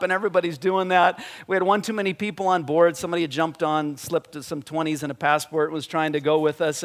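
A man preaching a sermon, animated and conversational, often restarting his sentences. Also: high voice. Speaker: pastor.

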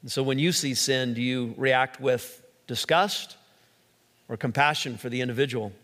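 A man's voice: medium pitch, moderate pace. Man preaching in a reverberant hall. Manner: animated preaching with voiced quotes. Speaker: pastor. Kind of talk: sermon.

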